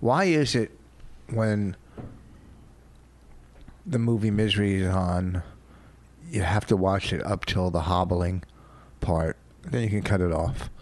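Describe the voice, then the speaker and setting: A man's voice: low-pitched, slow. A man comedian hosting a casual chat, rambling and profane as he tells stories. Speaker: comedian host.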